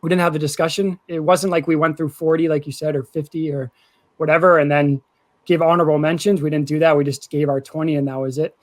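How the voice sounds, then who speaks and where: Podcast guy calmly explaining himself, a bit sheepish, fairly high voice. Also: fast. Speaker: podcast co-host. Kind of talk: casual podcast chat.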